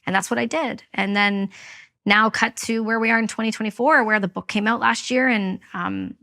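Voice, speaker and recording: A woman's voice: a little high, steady tone, normal speed, creaky, pushed and bright. A woman from Canada, a veteran and guest, telling a personal story in an interview, candid and blunt.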